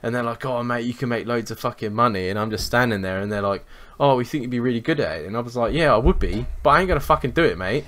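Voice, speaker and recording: A man's voice: mid-range voice, fast, hardly any pauses. Sweary young man telling stories. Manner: sweary, animated anecdotes. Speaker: podcast co-host. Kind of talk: casual storytelling chat.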